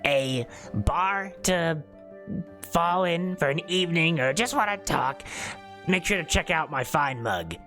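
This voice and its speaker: A man's voice: fairly high pitch, expressive, unhurried, pushed and bright, faint music behind, voice pushed up, exaggerated voice. A man voicing a small goblin barkeep who is folksy and hospitable. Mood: friendly.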